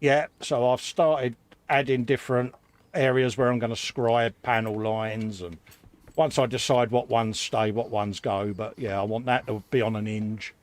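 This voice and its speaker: A man's voice: mid-range voice, fairly even intonation, normal speed. A man co-hosting a live model-building stream, chatting casually and reading out viewer comments. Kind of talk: casual chat.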